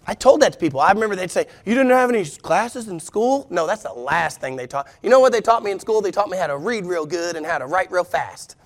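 Here a pastor preaches fast and expressively in a high voice, barely pausing. He stays emphatic throughout the sermon, turning again and again to the congregation with rhetorical questions.

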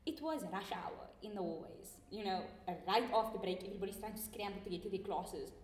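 A woman's voice: medium pitch, brisk. A teenage woman, co-hosting a student podcast and telling a story with laughter and lots of expression. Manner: laughs through her story, lively and expressive. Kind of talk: animated storytelling. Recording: echoey room.

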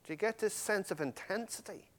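A high-voiced man speaking a little fast addresses his congregation directly in a fervent sermon. He alternates between loud emphasis and hushed lines that drop nearly to a whisper.

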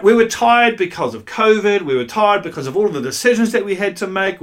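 Speaking in a high, fairly bright voice, a male pastor shares a personal story in his sermon, earnest and conversational with lots of asides. He's self-deprecating and says "you know" often.

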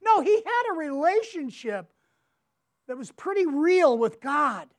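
A woman's voice: sits high, sing-song, unhurried. A woman giving a devotional Bible teaching. She is emphatic, repeats her words, asks rhetorical questions and reads scripture aloud with feeling.

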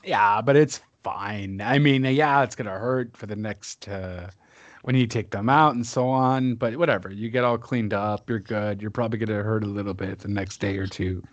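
A man's voice: on the low side, moderate pace, no room sound, highs cut off. A man from Canada co-hosting a casual wrestling watch-along podcast, joking and laughing often. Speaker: podcast co-host.

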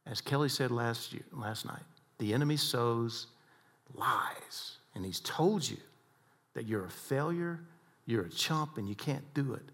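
Animated male storytelling speaker. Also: mid-range voice. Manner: animated storytelling, swings between soft and loud. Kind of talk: inspirational storytelling talk.

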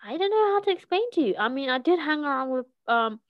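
A woman's voice: sits high, big pitch swings, quick pace, dry recording, highs cut off. A young woman from South London with a British accent, chatting casually and animatedly, often restarting her sentences. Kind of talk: casual chat.

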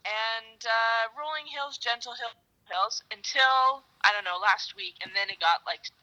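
A woman being interviewed about cycling across the country, telling her stories in a lively, animated way with sudden high-pitched bursts. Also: a little slow, poor audio. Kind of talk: casual phone-style interview chat.

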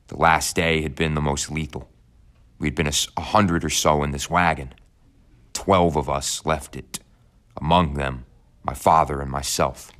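A man narrating an audiobook in the first person, in a measured, somber tone. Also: a bass voice, fairly bright tone.

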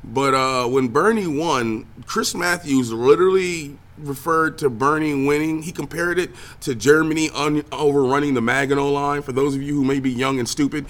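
On his own podcast, this young host and streamer rants about video games and the news in a casual, profane, animated way, full of trailing fillers. His voice sits on the high side, and he talks at normal speed with few pauses.

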